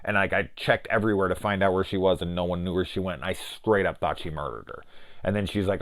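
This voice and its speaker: A man's voice: low voice, fast, a bit bright. A young man reviewing a horror film in casual chat, swearing freely and trailing into restarts as he rambles into a personal story.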